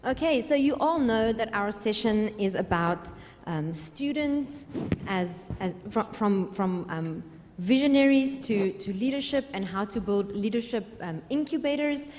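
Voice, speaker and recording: A woman's voice: mid-range voice, animated, a little slow, hardly any pauses, a little mellow, a little hiss or hum. A woman from South Africa moderating a conference panel, friendly and a bit hesitant. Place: large conference hall. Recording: reverberant hall.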